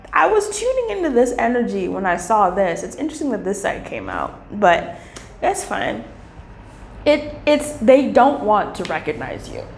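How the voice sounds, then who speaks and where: A woman giving a casual tarot reading, playful and animated, who swears freely and acts out little voices. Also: mid-range voice. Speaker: tarot reader. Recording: echoey room with faint hiss.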